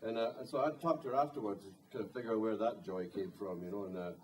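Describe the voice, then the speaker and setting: A male singer-songwriter at a live music venue spins a rambling, wry story between songs, saying "you know" a lot. His voice sits on the low side with a darkish tone, and he talks fast. The recording was made at a distance during the live gig.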